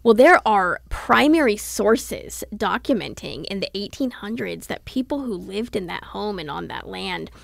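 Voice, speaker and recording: A woman shares local ghost legends on a podcast, unfolding each one in a measured storytelling way. Her voice is deeply fried and gravelly. The sound is dry and close. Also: lively intonation, no room sound. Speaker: history reporter guest.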